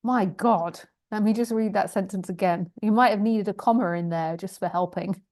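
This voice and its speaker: A woman's voice: medium pitch, moderate pace, a little mellow. A woman spiritual teacher on a live stream, reading viewer questions aloud in a chatty, self-deprecating way, often laughing and stumbling over long sentences.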